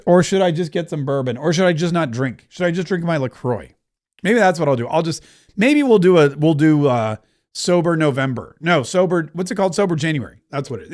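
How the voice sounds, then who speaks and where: A middle-aged man chats casually on his livestream, wandering from story to story and cracking jokes. His voice sits a touch higher than most men's. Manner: rambling, joking, reads out viewer comments. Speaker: livestream host.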